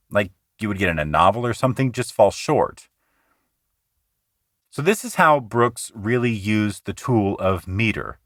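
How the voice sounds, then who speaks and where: A podcast host with a fairly low, fairly bright voice teaches a poetry lesson, earnest and conversational, rushing through asides but slowing right down to recite lines and sound out their rhythms. The sound is dry and close, with no room or echo around it.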